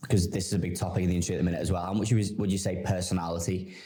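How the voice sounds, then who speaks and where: A man's voice: low voice, flat delivery, very fast, dark tone. A man hosting a casual podcast chat, rambling into stories and joking about himself. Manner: rambling, self-deprecating, laughs often. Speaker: podcast host.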